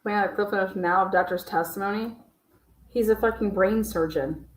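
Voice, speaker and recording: A woman's voice: mid-range voice, normal speed, echoey room, low-quality recording. A woman giving blunt, angry, profanity-heavy commentary on a livestream, swearing constantly as she rants.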